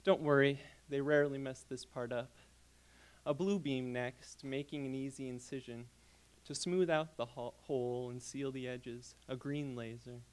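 A young adult man reading his short story aloud at a graduate reading, delivered as a persuasive second-person sales pitch. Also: fairly even intonation, a little slow, clean tone, low-quality recording.

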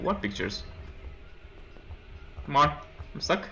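Young male let's-player, bright tense voice, jumpy horror-game commentary full of nervous laughs. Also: medium pitch, animated, a little slow, long pauses, low-quality recording. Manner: jumpy reactions, reading game text aloud, nervous laughs. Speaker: let's play gamer.

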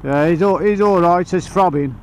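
A man's voice: high-pitched, normal speed, darkish tone, a little hiss or hum, rough recording. A man with a Black Country accent, rambling and laughing in casual chat while out on a motorcycle, talking over a helmet intercom. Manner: rambling, chatty, laughs a lot. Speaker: motorcycle vlogger. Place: outdoors on a motorcycle.

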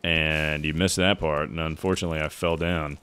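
A young man with a deep, low voice talks through a hard climbing game on a live stream. He chats easily with viewers, curses a lot, and now and then yells out in frustration. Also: level tone, brisk, clean tone. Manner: chatty, swears, breaks into loud frustrated outbursts. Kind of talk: casual live gameplay commentary.

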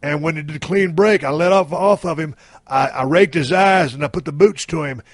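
A brash man spins a profane tall tale on his podcast, leaning hard on his drawled emphasis. His voice sits fairly high for a man and sounds close and dry, with no room around it. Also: fairly quick, dry recording. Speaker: podcast host. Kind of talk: profane comic storytelling. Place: camper trailer.

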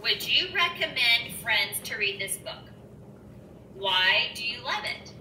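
A woman reading a children's picture book aloud with expressive storytelling. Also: fairly high pitch, takes it slowly, a little hiss or hum. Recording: roomy room, mic at a distance.

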